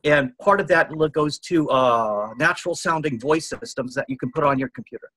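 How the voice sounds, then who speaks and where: Earnest guy in his 50s, kinda high husky voice, rambles on telling his story. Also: moderate pace, bright, forceful tone, no room sound, rough recording. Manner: earnest, rambling, quotes others. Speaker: guest. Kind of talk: interview storytelling.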